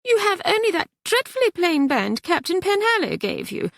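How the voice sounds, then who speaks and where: A woman's voice: very high-pitched, very animated, normal speed, gravelly, no room sound, studio quality, pitched above the performer's own voice, full character voice. A woman voicing a haughty society mother, who speaks sharply and disapprovingly.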